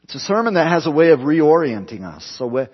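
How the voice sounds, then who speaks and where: A pastor delivering an evening sermon, building phrases through repetition and rising and falling for emphasis. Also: male voice, on the high side, sing-song, fairly quick, husky, big-room sound, lo-fi sound. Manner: preaching with repetition, swelling and dropping for emphasis. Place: church.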